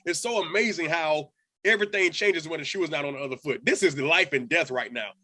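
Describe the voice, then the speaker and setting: A man's voice: a little high, fast, bright, forceful tone, slight background noise. A man hosting a podcast interview, reacting emphatically and asking pointed questions. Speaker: podcast host. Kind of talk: interview and channel promo.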